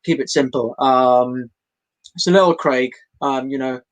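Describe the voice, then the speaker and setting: Speaking a little slowly at a medium pitch, this young adult comedian wanders through a self-deprecating home stand-up set for an online showcase. He fills it with fillers and false starts, and the recording quality is low.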